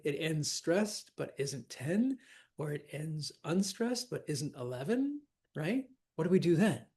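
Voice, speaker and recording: A man teaching a lesson on verse scansion, talking casually, often checking in with "right?" and reading lines aloud slowly. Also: on the high side, darkish tone, husky.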